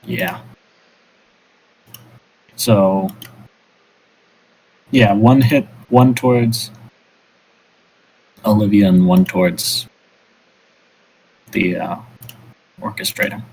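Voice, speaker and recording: A man narrating as game master of a tabletop game, in a relaxed, hesitant way. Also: on the low side, very slow, pauses often, husky, rough recording.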